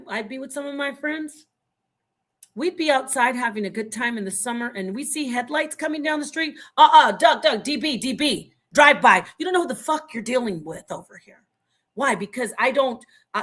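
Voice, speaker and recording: A woman in her fifties from Phoenix with a slightly high voice speaks heatedly as a forum panelist. She is emphatic and combative and curses freely. Her speech rambles, with phrases repeated and restarted. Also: a bit bright. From Phoenix, Arizona, USA. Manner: emphatic and confrontational, swears freely. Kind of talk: heated opinion talk.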